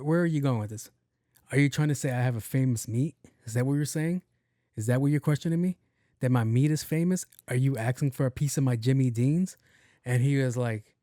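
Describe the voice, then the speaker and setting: A man's voice: mid-range voice, warm tone, no room sound, clean studio sound. A young man hosting a podcast, telling a rambling, profane story and acting out both sides of the conversation. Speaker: podcast host. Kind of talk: casual storytelling monologue.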